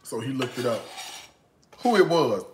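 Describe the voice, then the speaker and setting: A sassy, playful man hosts a home cooking vlog, his voice leaping around with lively pitch. He takes his time and drawls slowly between quips. The kitchen sounds echoey and roomy. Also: very noisy. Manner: playful, sassy, bursts into song. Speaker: cooking show host. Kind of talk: casual cooking vlog chat.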